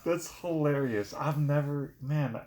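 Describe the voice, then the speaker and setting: A man's voice: a little high, slow, darkish tone. A young man in casual chat, rambling through a story with many fillers and restarts.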